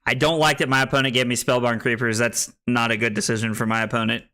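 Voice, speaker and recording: This man talks fast in a medium-pitched voice while streaming a card game. His commentary to chat is casual and chatty, full of thinking aloud about his moves, and he grows excited whenever he wins.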